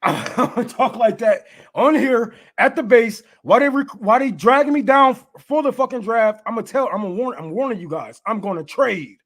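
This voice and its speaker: A man's voice: very high voice, animated, moderate pace, few pauses, a bit bright. A man giving a casual political rant, profane and heated, laughing often as he talks. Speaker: political commentator.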